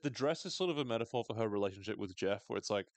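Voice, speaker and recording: Low-voiced sweary man recapping a show. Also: racing, dry recording. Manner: animated, sweary and wry. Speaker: podcast co-host recapping a TV episode. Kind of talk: casual recap chat.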